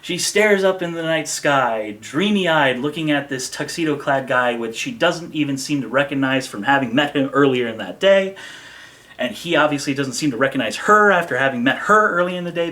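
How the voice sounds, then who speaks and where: A woman reviewing an anime episode in a sarcastic, animated way, often slipping into exaggerated voices for the characters. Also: low-pitched.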